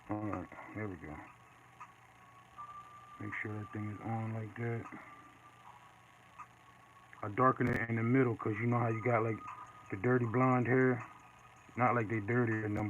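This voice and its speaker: A man casually chatting while he draws live, reading and answering viewer comments in a relaxed way. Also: fairly low pitch. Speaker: artist streaming live. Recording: dull lo-fi with faint noise.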